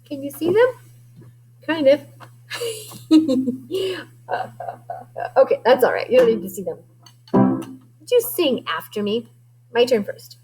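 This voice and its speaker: A woman teaching music to small children, her voice pitched very high and her delivery slow and drawn out. She sings short lines for the class to echo back. A faint instrument plays behind her. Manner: sing-song and animated, singing lines for echoing.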